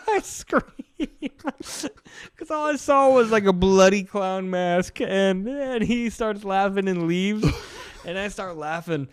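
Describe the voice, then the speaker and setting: A man's voice: sits high, takes it slowly, clear, resonant tone, no room sound. A man hosting a podcast, chatting casually and telling stories with lots of laughter, on a studio microphone. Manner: animated storyteller, laughs often. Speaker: podcast host.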